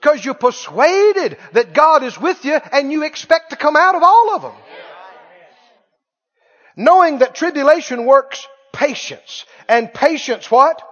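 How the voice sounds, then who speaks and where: Male pastor, very high voice, preaches hard and repeats himself; muffled sound, big reverberant sanctuary. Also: lively intonation, a little slow. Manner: emphatic, repeating phrases, shouting at peaks. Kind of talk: sermon. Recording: dull lo-fi sound with long hall reverb.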